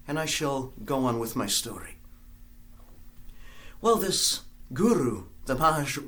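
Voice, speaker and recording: Scottish male storyteller, hammy comic delivery, unhurried, voice leaping high and low. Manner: theatrical, sings snatches, swings from loud to hushed. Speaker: YouTuber telling a comic story. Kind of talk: comic monologue.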